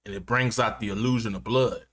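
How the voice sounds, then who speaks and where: A man's voice: lowish voice, steady tone, brisk, fairly bright tone. A man live-streaming from his gaming chair at home, chatting casually with viewers, joking and laughing often.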